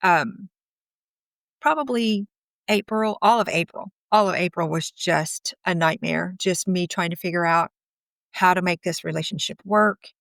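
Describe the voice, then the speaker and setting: A woman's voice: fairly low pitch, unhurried, vocal fry, fairly bright tone, no echo, studio quality. A woman in her fifties, an interview guest, telling her own story in a candid, outspoken way with occasional laughs. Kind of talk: personal storytelling.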